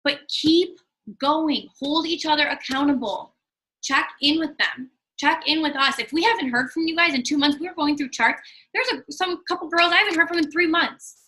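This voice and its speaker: Woman, sales team leader, motivational pep talk, emphatic and repetitive, high voice. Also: normal speed, pushed and bright, rough recording. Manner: emphatic, repeats key phrases.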